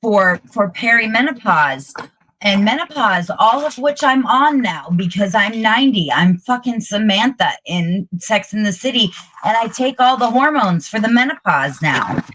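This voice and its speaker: A woman's voice: medium pitch, lively intonation, moderate pace, fairly bright tone. A middle-aged woman co-hosting a casual talk show, brash and bawdy, cracking jokes. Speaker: co-host.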